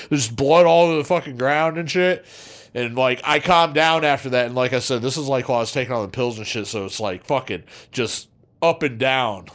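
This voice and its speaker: A man spins a crude, lively tale for his podcast co-hosts, dropping curses into nearly every phrase. His voice sits in a middle register and gets animated at the high points. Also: brisk. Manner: profane, animated, swears constantly. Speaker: podcast co-host. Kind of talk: casual storytelling.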